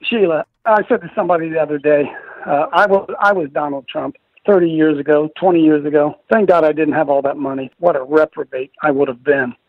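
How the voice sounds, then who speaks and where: Gravelly high-voiced older man preaching on radio. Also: fairly even intonation, fairly quick, no echo. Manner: emphatic, preachy, repeats phrases for stress. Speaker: radio host, ministry leader. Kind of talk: conservative Christian radio talk. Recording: dull dry radio studio sound.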